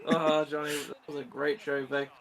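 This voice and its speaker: A man talking casually over a hockey gameplay stream. His voice sits a little higher than most men's, and he rambles, circles back and laughs easily as he goes. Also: little pitch movement, moderate pace, a bit bright. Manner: rambling, restarts often, giggly. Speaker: streamer co-host.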